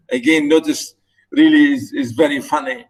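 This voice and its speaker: This is a middle-aged man lecturing on a novel in an online class. His first language is Arabic, and his voice sits slightly high for a man. He stumbles through fillers and repeats words as he explains. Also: fairly even intonation, poor audio. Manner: halting, many fillers and repeats. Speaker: literature lecturer.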